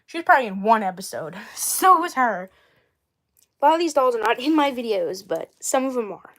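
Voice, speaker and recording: A young woman in her twenties chatting casually on a livestream about the dolls she voices, rambling, correcting herself and often clearing her throat. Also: fairly high pitch, very animated, fairly quick, a bit bright. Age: 20s. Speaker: doll series creator.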